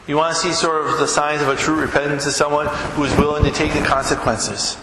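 A man's voice: a little high, steady tone, fast talker. A male pastor preaching a sermon, telling stories and acting out the quotes, in a church sanctuary. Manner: storytelling with acted-out quotes. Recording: echoey hall with ambient noise.

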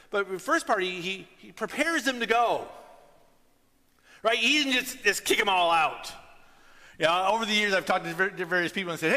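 A male pastor with a high, bright voice that swings widely in pitch as he preaches. He tells stories with animation and plays out the other voices himself. His words ring with the long reverb of a church hall. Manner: animated storytelling, acts out quoted voices. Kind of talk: sermon with personal story.

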